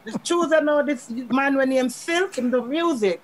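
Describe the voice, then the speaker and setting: A Jamaican woman with a high voice tells her story to a talk-show host. She speaks in animated patois and laughs as she goes. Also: normal speed. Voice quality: high, expressive, laughs while telling. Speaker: guest.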